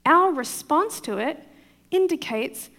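A woman's voice: high voice, animated, slow pace, creaky, a bit bright, in a large hall. Chatty woman pastor with a foreign accent. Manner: chatty, often checks in with the crowd, laughs easily. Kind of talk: conversational sermon.

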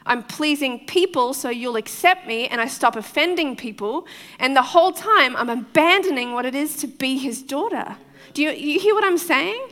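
Woman pastor, foreign accent, bright-ish voice, chatty sermon in an echoey hall. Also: high-pitched, animated, normal speed. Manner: chatty, often checks in with the crowd, laughs easily. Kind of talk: conversational sermon.

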